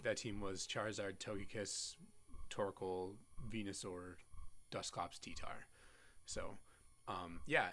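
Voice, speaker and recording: A competitive Pokemon player and content creator gives casual strategy commentary on a team, often halting with "um"s and restarting his sentences. His voice is on the low side with a sharp tone.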